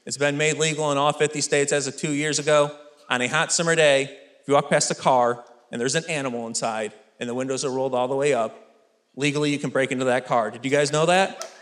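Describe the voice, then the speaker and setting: A man in his thirties doing a stand-up comedy routine, telling energetic, self-deprecating stories on stage. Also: mid-range voice, quick pace. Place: comedy stage with live audience. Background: faint audience laughter and room noise.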